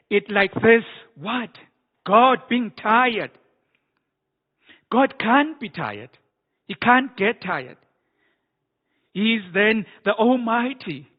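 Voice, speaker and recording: A man preaches with emphasis, often repeating words and restarting phrases. His voice sits high for a man, and he speaks slowly. The sound is narrow and tinny, as if heard over a phone line. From South Africa. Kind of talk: sermon.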